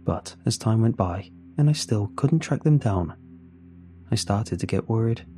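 A man narrating a first-person horror story in a measured, tense way. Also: on the low side, animated, dark tone. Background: faint music.

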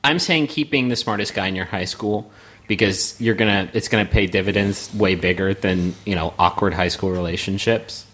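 A man's voice: low voice, moderate pace, fairly bright tone. A man co-hosting a casual comedy podcast, joking crudely with friends. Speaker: podcast co-host.

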